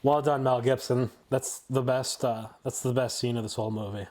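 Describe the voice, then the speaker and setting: A young man hosting his own channel, talking through a film review in a casual, blunt way. His voice sits at an ordinary middle pitch, and he stops and restarts often as he works out his opinions. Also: fairly even intonation, moderate pace, noisy background.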